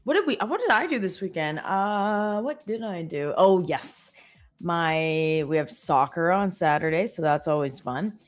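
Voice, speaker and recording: A Canadian woman in her thirties co-hosts a live trading stream, spinning chatty stories packed with fillers in casual conversation. Her voice sits on the low side, with lively intonation and a measured pace.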